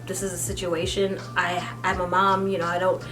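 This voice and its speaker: A young American woman, a beauty vlogger, telling a story while doing her makeup. She talks casually and animatedly, with bursts of excited squealing. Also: fairly low pitch, moderate pace, music in the background. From United States. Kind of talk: get-ready-with-me storytime.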